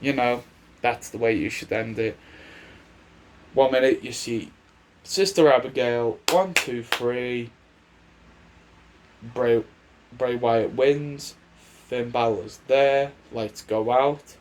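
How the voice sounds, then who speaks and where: Slow-talking man rambling about wrestling. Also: mid-range voice, steady tone, a little mellow, a little hiss or hum. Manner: rambling, chatty, restarts his sentences. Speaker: wrestling commentator. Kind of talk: casual predictions vlog.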